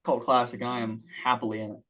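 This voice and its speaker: A man joins a podcast as a guest, keeping his part in the casual chat brief and low-key. His voice sits in an ordinary mid range with a relaxed delivery. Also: fast talker. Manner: low-key, short laid-back replies.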